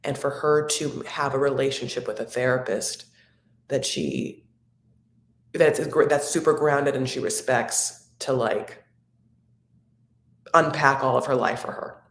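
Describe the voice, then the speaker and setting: Low-voiced chatty woman in a roomy space. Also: unhurried, pauses often. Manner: chatty, rambling, affectionate with viewers. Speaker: live-stream recap host. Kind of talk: casual chat reading viewer comments. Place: home room. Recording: roomy echo.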